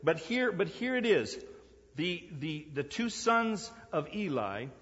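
Emphatic preacher in an echoing church. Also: male voice, high voice, very animated, takes it slowly, a bit bright. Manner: emphatic, repeats key phrases, rising and dropping dramatically. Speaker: pastor. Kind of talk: sermon. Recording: echoey church hall, dull lo-fi sound.

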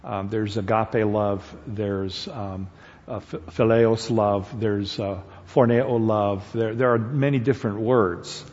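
A man preaching a sermon in a church, halting with fillers and restarts, then pressing points with repetition. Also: lowish voice, steady tone, a little mellow. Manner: grows emphatic and repetitive at points. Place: church sanctuary. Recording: dull lo-fi sound with long hall reverb.

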